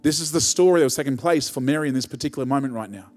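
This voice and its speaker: A man's voice: mid-range voice, racing, a little mellow, in a large hall. A man preaching a conversational sermon as pastor, rising to emphatic peaks.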